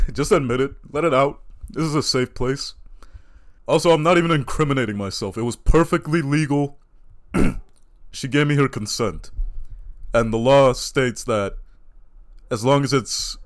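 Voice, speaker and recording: A man doing a stand-up comedy routine, telling crude, self-mocking stories. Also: mid-range voice.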